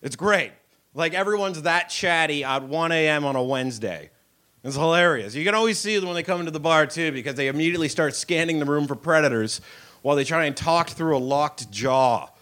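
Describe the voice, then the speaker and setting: On a comedy club stage before a live audience, a young man with a fairly high, slightly bright voice talks a little fast. The stand-up comedian's set is crude and self-mocking, with storytelling that includes acted-out voices.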